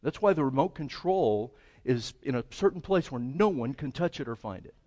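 A pastor preaching a sermon, lively and conversational, often asking the congregation questions and voicing prayers aloud. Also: male voice, medium pitch, moderate pace. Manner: animated, asks the congregation questions and acts out prayers.

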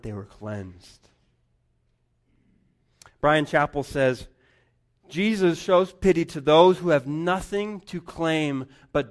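A man preaching a sermon, rising to loud emphatic lines and dropping to near-whispers. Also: mid-range voice. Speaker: pastor.

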